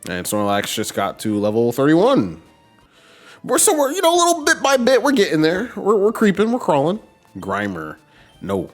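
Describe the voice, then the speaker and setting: A man's voice: high-pitched, huge pitch swings, normal speed, faint music behind. A man streaming a game, chatting casually as he plays and talking to his team and viewers. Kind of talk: casual gameplay commentary.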